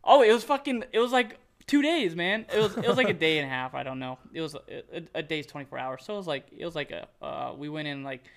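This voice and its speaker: A man telling a long story as a podcast guest, animated, cursing often and restarting his sentences. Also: a little high, quick pace, hardly any pauses. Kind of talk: casual storytelling chat.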